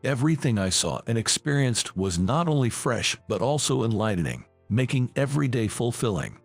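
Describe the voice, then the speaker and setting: Male narrator, gravelly and husky, animated pitch, calm measured delivery, soft music underneath. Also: no echo. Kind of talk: first-person story narration. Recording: faint background music.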